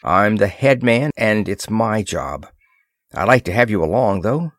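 A man's voice: on the low side, expressive, a little slow, fairly bright tone, no echo, studio quality. A man voicing a firm, emphatic expedition leader.

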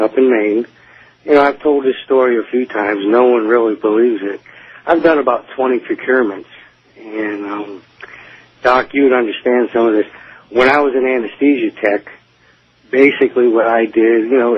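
A man calling in to a talk show sounds husky and a little rough. He comes through a narrow, tinny phone line, and the sound is close and dry with no room around it. He rambles casually, padding his story with "you know.". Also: mid-range voice, no echo. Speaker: caller.

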